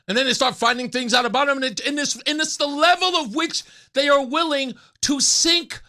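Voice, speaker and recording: High-voiced mocking talk radio man. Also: fairly quick, few pauses, sharp tone. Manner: mocking, puts on whiny voices to ridicule opponents. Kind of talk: opinionated talk radio monologue.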